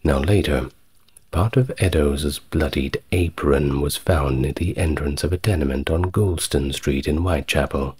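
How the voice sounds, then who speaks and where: A man giving a calm, soft-spoken ASMR history narration, measured and steady, with wry conversational asides. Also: very deep voice, husky.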